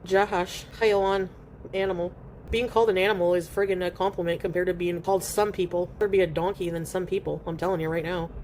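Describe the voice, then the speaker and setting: A woman's voice: lowish voice, steady tone, quick pace, darkish tone, slight background noise. Chatty woman streaming from home. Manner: chatty and rambling, eating while talking. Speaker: live streamer. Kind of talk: casual live-stream chat, reading viewer comments aloud.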